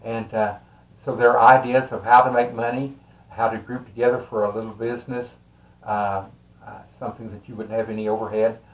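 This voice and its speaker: An older man with a Texan drawl spins a family tale in a folksy, meandering style, pausing on little fillers and chuckling along the way. His voice sits at an ordinary middle pitch, and the room around him rings back noticeably. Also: flat delivery. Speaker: storyteller and tarot reader. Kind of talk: casual spoken storytelling. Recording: roomy echo.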